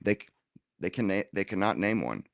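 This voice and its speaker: A man's voice: low-pitched, fairly quick, gravelly, dry recording, clean studio sound. Heated, slangy man in a debate. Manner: animated, argumentative, slangy. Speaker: roundtable guest. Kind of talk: casual political debate.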